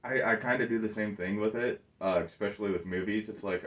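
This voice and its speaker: Low-voiced man talking a bit off mic. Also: distant mic. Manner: relaxed, halting, searches for words. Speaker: podcast co-host. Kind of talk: casual movie review chat.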